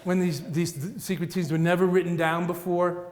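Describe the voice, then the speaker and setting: A man's voice: sits high, fairly even intonation, normal speed, a loud crowd. Playful male teacher in echoey hall. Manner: playful, rhythmic, laughs at his own jokes. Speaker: Buddhist teacher. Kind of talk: dharma talk to an audience. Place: large meeting room with audience. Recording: echoey hall, roomy reverb.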